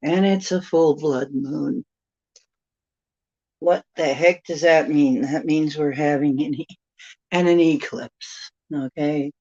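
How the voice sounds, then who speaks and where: A woman's voice: low voice, slow, dark tone. A woman hosting a casual live stream from a room at home, chatty and rambling as she greets viewers by name. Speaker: livestream host. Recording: dull lo-fi stream audio.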